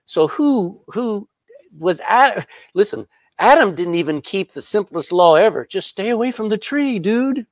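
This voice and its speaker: A man preaching a sermon as pastor, emphatic and animated, often turning to the congregation with questions. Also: sits high, measured pace, no echo.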